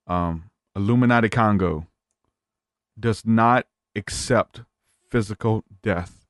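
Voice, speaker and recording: A man's voice: fairly low pitch, dry recording, studio quality. A man as a podcast guest, retelling a story in a rambling casual way with many fillers.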